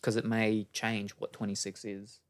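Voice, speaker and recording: A co-host chats casually on a stream with puppets. The delivery is halting and full of fillers, at a middle pitch. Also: level tone, clean tone.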